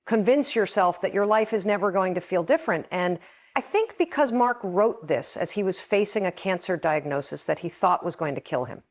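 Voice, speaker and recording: A woman's voice: mid-range voice, lively intonation, moderate pace. A middle-aged woman hosting a podcast, talking earnestly and with emotion about something that moves her. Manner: earnest, emotional, reads passages aloud. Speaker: podcast host. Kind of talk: heartfelt podcast monologue.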